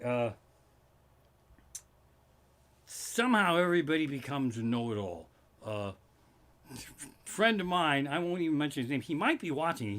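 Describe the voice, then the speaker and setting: A man doing a profane stand-up routine from his living room, ranting in loud swearing bursts. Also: a little high. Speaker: stand-up comedian.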